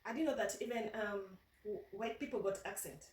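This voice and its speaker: A woman with a Kenyan accent telling a story casually to camera, animated, laughing often and restarting her sentences. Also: mid-range voice, fairly quick, echoey room, far from the mic, poor audio. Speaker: vlogger. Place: in the United Kingdom.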